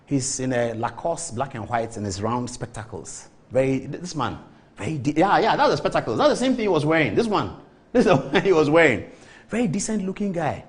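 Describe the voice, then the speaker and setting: Lively Ghanaian man in his forties. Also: on the high side, fairly quick, slightly rough. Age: 40s. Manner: lively storyteller who mimics the people he quotes. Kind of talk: animated anecdote on a TV talk show.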